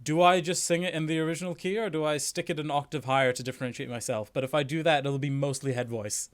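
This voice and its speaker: A man hosting a stream, chatting in a relaxed way and thinking aloud. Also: a little high, fast talker. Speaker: streamer host. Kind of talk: casual chat on a stream.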